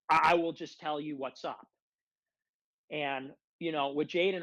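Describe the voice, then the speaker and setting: A man delivers a heated, profane rant full of grievance, his voice sitting on the high side. The recording is dull and lo-fi, with a dry, close sound and no room echo. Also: a bit bright. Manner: angry, profane, aggrieved, repeats phrases. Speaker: political streamer guest.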